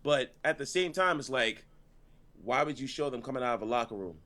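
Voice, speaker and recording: A man co-hosting a casual wrestling review, animated and exasperated, often breaking into laughter. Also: mid-range voice, a little fast. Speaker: co-host.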